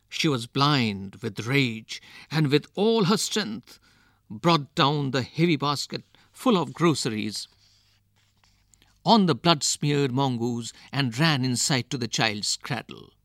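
Slow, expressive male storyteller. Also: medium pitch, no room sound, clean studio sound. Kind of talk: reading a picture book aloud.

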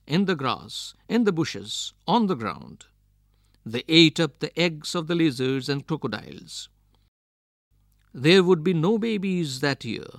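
A man reads a children's storybook aloud at a slow, measured pace. His voice is gravelly and lively in pitch, recorded dry and close in a quiet room. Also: dry recording. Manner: expressive, with swings in pitch and volume. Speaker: reader.

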